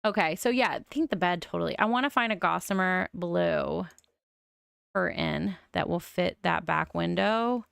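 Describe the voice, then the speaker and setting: A woman's voice: fairly low pitch, normal speed, vocal fry, a bit bright, clear, resonant tone, no room sound, studio quality. Chatty woman streamer with a mild lisp. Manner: chatty, musing aloud with frequent oohs. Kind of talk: casual game-building commentary.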